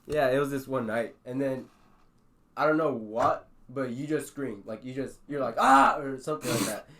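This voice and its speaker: Young man, laid-back co-host, mid-pitched voice, halting delivery. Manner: relaxed, laughing, halting. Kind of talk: casual storytelling chat.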